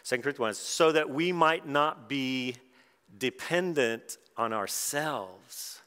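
A middle-aged man, preaching a sermon and telling personal stories, dropping quiet and then rising loud and excited. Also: medium pitch, takes it slowly, smooth. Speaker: pastor. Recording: long hall reverb.

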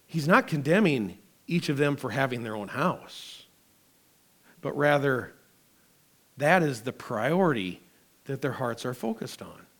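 A male pastor preaching a sermon, emphatic and dramatic, swinging between loud declarations and quiet asides. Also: mid-range voice, big pitch swings, measured pace, long pauses.

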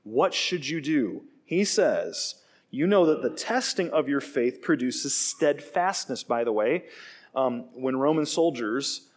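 A man preaching a sermon, telling stories in an animated way and acting out quoted lines. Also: mid-range voice, slow. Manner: animated storytelling with acted quotes. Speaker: pastor.

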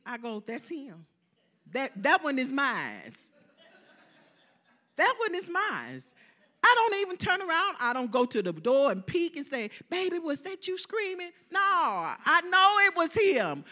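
A woman preaching a sermon, calling out to the congregation and repeating lines for emphasis, swinging from loud to soft. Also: fairly high pitch.

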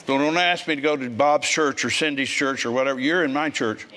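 A man in his seventies preaching a sermon, telling stories bluntly and growing forceful when he scolds. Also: medium pitch, fairly quick. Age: 70s. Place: church service with congregation.

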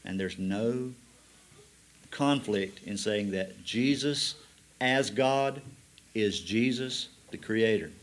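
A man preaching a sermon, reading scripture slowly and explaining it with rising emphasis. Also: fairly low pitch.

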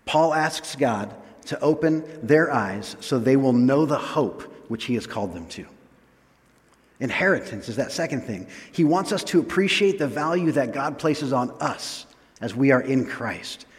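A man preaching a sermon. He reads scripture slowly, then explains it in a relaxed, chatty way with small laughs. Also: medium pitch, in a large hall.

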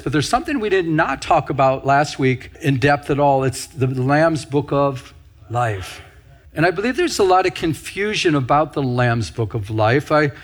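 Man, middle-aged, pastor, slightly high voice, teaching sermon, repeats phrases, asks the congregation.

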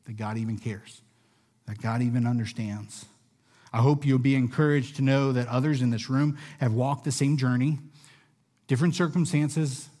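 A man preaching a sermon in a room with listeners, earnest and measured, often dropping softly at the ends of phrases. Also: mid-range voice. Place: room with a gathered audience.

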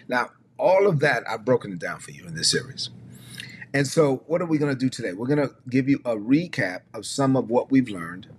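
A man's voice: mid-range voice, slight background noise. Emphatic male pastor preaching a sermon. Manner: emphatic, repetitive, prompts listeners to respond. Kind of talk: streamed sermon.

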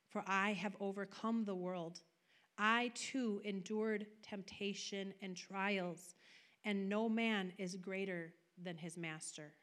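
A woman preaches a sermon in a medium-pitched, fairly bright voice, recounting a personal vision and a scripture passage. She speaks with passion, building to raised, emphatic peaks.

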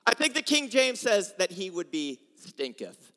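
High, bright-voiced preacher in a hall. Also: male voice, measured pace. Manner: animated storytelling, acts out voices, swings from loud to hushed. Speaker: pastor. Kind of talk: sermon. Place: church sanctuary.

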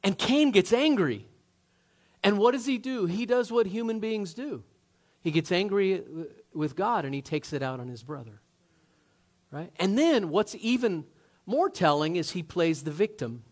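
Higher-voiced man preaching conversationally. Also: lively intonation, measured pace. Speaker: pastor. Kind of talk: sermon.

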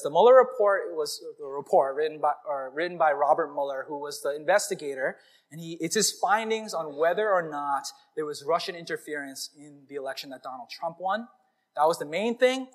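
A male pastor giving a conversational, animated sermon to his congregation. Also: a little high.

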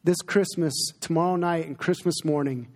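A middle-aged man speaks as a pastor to his congregation, earnest and conversational, with moments of emotion. His voice sits a little high for a man. The sound carries a long reverb from a church sanctuary. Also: moderate pace, darkish tone. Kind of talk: sermon Q&A with congregation.

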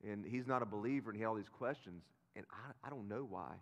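A man preaching a sermon as pastor, casual and animated, swinging between loud emphasis and quiet, earnest moments. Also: on the low side, fast, lo-fi sound. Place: church auditorium. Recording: reverberant church hall.

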